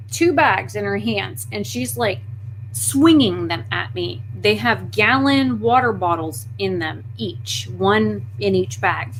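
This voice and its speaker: A woman vlogger telling a story on a casual live stream, animated and indignant, with frequent profanity. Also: fairly high pitch, slight background noise, low-quality recording.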